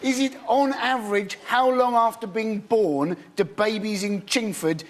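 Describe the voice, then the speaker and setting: Giggly high-pitched male comedian. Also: unhurried. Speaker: comedian panellist. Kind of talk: panel show joking. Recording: noisy TV studio.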